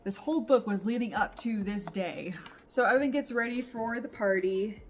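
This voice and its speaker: A woman's voice: a little high, moderate pace, slight background noise. Chatty young woman book vlogger. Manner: chatty, laughing reactions to the story. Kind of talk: casual reading vlog chat. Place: home in the countryside.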